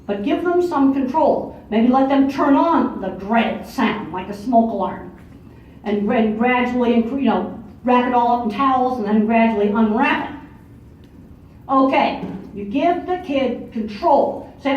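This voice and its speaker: A woman's voice: a little high, lively intonation, a little slow. Blunt older woman lecturing in echoey hall. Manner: blunt, matter-of-fact, emphatic. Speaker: speaker giving a lecture. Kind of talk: conference talk. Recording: far-off echoey hall, dull lo-fi audio.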